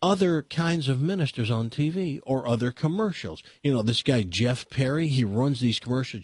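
Rambling opinionated American radio host. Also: male voice, mid-range voice, sing-song, normal speed, few pauses, slightly rough, no echo, clean studio sound. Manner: rambling, opinionated, with many restarts and fillers. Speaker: radio talk show host. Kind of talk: casual talk radio monologue. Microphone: studio microphone.

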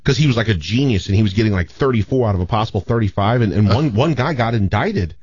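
A man's voice: fairly low pitch, animated, quick pace, a little mellow, husky, no echo. Male radio co-host, eager, repeats words, dull lo-fi broadcast sound. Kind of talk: casual morning show chat.

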